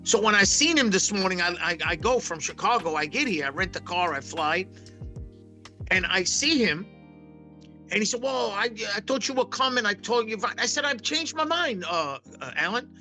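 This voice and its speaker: A man, a poker pro guest, telling stories on a podcast in a quick, blunt, brash way and swearing freely. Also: high-pitched, expressive, pushed and bright, faint music behind. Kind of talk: casual podcast storytelling.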